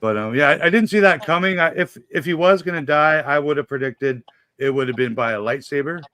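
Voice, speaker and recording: A man's voice: a little high, a little fast, sharp tone, no room sound, studio quality. A man co-hosting a casual after-show chat, rambling and retelling scenes. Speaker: podcast co-host.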